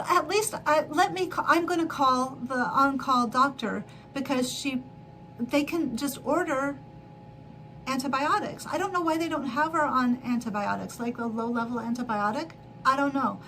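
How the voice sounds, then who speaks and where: On her sewing livestream, a middle-aged woman chats casually while sewing, her high-pitched voice bright and forceful with lively intonation and a measured pace. She spins a long, rambling story with frequent laughter and self-corrections. The low-quality recording carries slight background noise.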